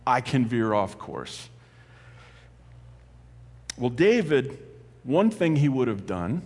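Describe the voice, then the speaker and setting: A man preaching a sermon as pastor, animated and conversational, with asides and light laughter. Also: fairly high pitch. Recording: long hall reverb.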